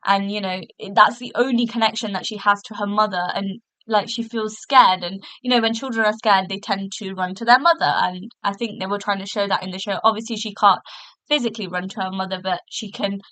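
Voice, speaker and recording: A woman's voice: mid-range voice, fairly even intonation, a little fast, pushed and bright, no echo, rough recording. A woman hosting a podcast, chatting casually through a review with lots of fillers and restarts, recorded in a hotel room. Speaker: podcast host.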